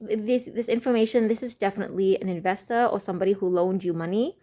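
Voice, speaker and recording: Slow, musing woman reading tarot. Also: medium pitch, dark tone. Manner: slow, musing, many pauses and fillers; speaks slowly. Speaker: tarot reader.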